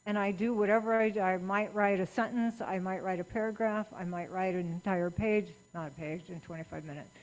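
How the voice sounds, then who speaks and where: A middle-aged woman speaking as guest at a writers' meeting, chatty and personal with lively emphasis. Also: mid-range voice, fairly quick, few pauses, rough recording. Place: meeting room.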